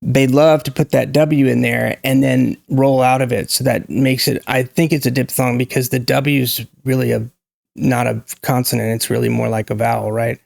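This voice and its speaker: A man's voice: medium pitch, flat delivery, moderate pace, gravelly, darkish tone, dry recording, clean studio sound. A man, talking to camera about pronunciation in an opinionated, emphatic way and demonstrating sounds. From United States. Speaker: YouTube language commentator. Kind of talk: casual to-camera talk on pronunciation.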